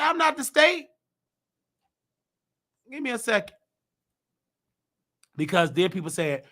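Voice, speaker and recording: A man with a very high, bright, sharp-edged voice, worn hoarse from shouting. He rants in indignant commentary, breaking into shouts. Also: big pitch swings, takes it slowly, long pauses. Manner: heated, indignant, bursts of shouting. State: hoarse, losing his voice. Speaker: nursing aide and show host. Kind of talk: ranting commentary.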